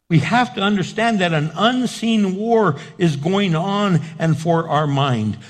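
A male pastor preaching a sermon with emphatic repetition and rhetorical questions. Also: high voice.

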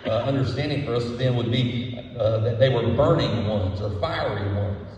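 A man preaching a sermon as pastor, with a measured, emphatic delivery that leans on repeated words. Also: mid-range voice, darkish tone, highs cut off. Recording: echoey hall from a distance.

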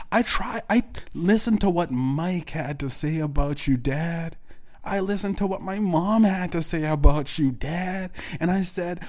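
A man from Canada hosting his own podcast, ranting alone in a bitter, profane and rambling way, tripping over restarts and now and then bursting into shouts. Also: fairly high pitch. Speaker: podcast host. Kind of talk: angry solo rant.

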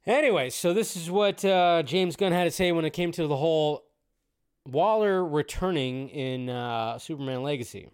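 A man's voice: on the high side, normal speed, smooth. A man hosting a casual live stream about film news, chatty and rambling, cursing now and then.

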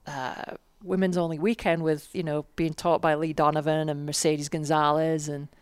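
A woman's voice: deep voice, flat delivery, moderate pace, darkish tone, clean tone, no room sound. A woman with an English accent, a former racer telling her story as a guest in a casual interview, rambling with restarts and fillers. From England. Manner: rambling, self-correcting storyteller with frequent fillers. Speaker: guest, former World Cup mountain bike racer.

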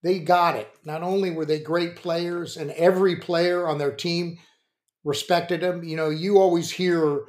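An older man, a former pitcher and coach, telling rambling stories on a podcast with plenty of restarts and fillers. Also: fairly even intonation, a little slow. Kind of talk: casual storytelling.

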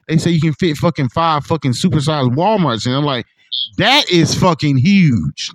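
A man's voice: on the high side, darkish tone, a little hiss or hum, poor audio. A man hosting a podcast in casual chat, rambling and swearing with lots of "like". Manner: rambling, profane, heavy use of "like". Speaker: podcast host.

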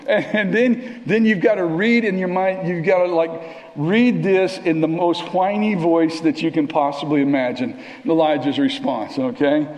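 Man, pastor preaching, high voice, long church reverb, animated and conversational. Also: moderate pace, lo-fi sound. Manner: animated, conversational preaching with dramatic drops to a near whisper. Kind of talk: sermon. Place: church sanctuary.

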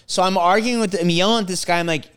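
Man, podcast co-host, smooth and fairly high, animated profane storyteller. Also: fast. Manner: animated storyteller, swears a lot, acts out both sides of an argument. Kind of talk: casual chat.

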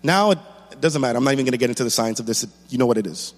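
A man's voice: medium pitch, lively intonation, racing, big-room sound. A man preaching a sermon as pastor, building intensity with rhetorical questions and repeated lines.

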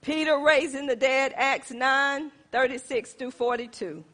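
A woman preacher with a high, bright voice, telling her testimony in an emphatic, animated way. She speaks straight to her congregation. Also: measured pace. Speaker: pastor. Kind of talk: sermon testimony.

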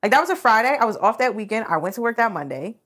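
A woman's voice: on the high side, expressive, very fast, a bit bright. Woman podcast host, casual personal storytelling, candid and emotional. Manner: candid, emotional, many "like" fillers.

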